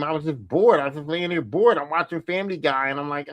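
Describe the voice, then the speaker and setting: Man, podcast host, crude casual monologue, animated and laughing, high voice, dry close sound. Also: brisk, hardly any pauses, dry recording. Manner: animated, profane, laughing storytelling.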